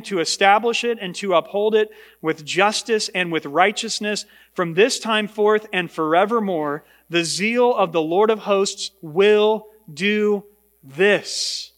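Long reverb from a big hall surrounds this sermon in a church sanctuary. The preacher is a man whose high voice sounds a bit bright, and he drives his points home emphatically by repeating words.

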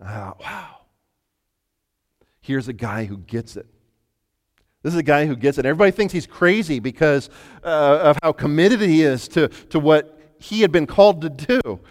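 A man preaching a sermon as pastor, telling a story with halting starts and repeated words. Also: a little high, big pitch swings. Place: church sanctuary. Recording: long hall reverb.

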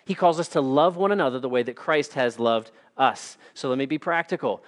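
A man's voice: medium pitch, animated, fairly quick. A male pastor preaching a sermon in an earnest, emphatic way, with practical asides and storytelling.

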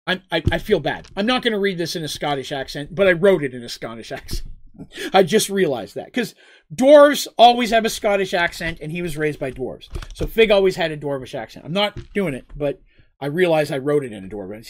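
Author reading his own tale aloud; animated, chatty between passages. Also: fairly high pitch, fairly quick. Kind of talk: story reading with asides.

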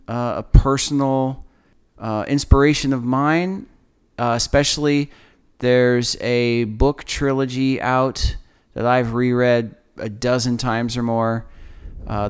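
A man co-hosting a casual faith podcast, talking earnestly in a halting, reflective way with frequent uhs. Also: medium pitch, clean tone. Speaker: podcast co-host.

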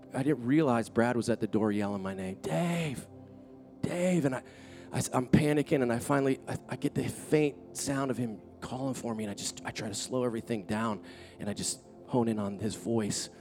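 A man preaching a sermon, telling a personal story in an earnest, animated way that builds in intensity. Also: mid-range voice, a little fast, soft background music. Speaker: pastor.

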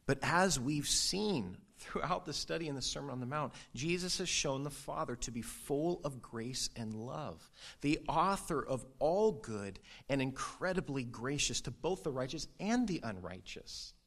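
A man's voice: medium pitch, expressive, measured pace, vocal fry, a bit bright. A man preaching a sermon in an earnest, conversational way, with sudden rises for emphasis. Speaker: pastor.

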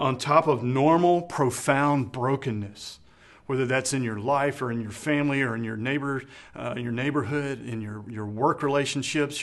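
A middle-aged man preaching a sermon, earnest and conversational, often restarting his phrases. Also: on the high side. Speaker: pastor.

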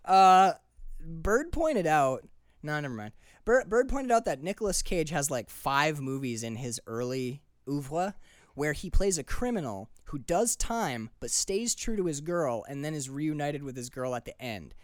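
A man co-hosting a casual movie podcast, swearing, laughing and acting out lines in loud voices. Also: a little high, sing-song, a little slow, no room sound, clean studio sound. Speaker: podcast co-host.

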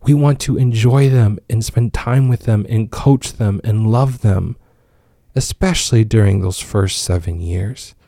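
Gravelly, low-voiced dad rambling. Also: male voice, unhurried, warm tone, no room sound, studio quality. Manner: rambling, with many fillers and restarts. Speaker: father of five giving parenting advice. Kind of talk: casual monologue.

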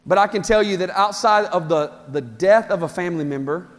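A man preaching a sermon as pastor, impassioned and building to shouts. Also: high voice, brisk. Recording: long hall reverb with faint music.

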